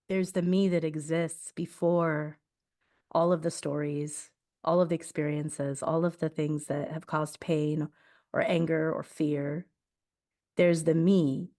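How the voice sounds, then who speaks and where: A woman's voice: sits low, darkish tone. Reflective woman, laughing often. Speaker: podcast host. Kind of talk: casual spiritual conversation.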